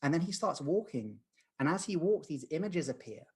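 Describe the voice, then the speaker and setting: Guest, male, 30s: husky voice, earnest and rambling storyteller. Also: a little high, sing-song, moderate pace. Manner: earnest, rambling, many fillers and restarts. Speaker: guest, lucid dreaming practitioner. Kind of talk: podcast conversation, storytelling.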